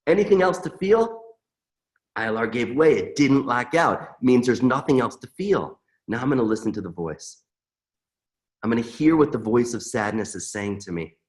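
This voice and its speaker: Expressive man with a lively voice. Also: medium pitch, moderate pace. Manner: earnest, emotive, repeats mantras. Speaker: webinar presenter. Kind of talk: emotional live demonstration.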